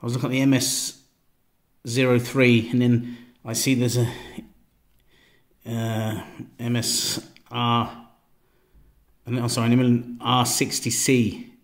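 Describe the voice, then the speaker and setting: A man casually reviewing a knife outdoors, relaxed and rambling, often repeating himself and trailing off into a quiet murmur. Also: medium pitch, measured pace. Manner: relaxed, repeats himself, stumbles over words. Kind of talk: casual product review vlog.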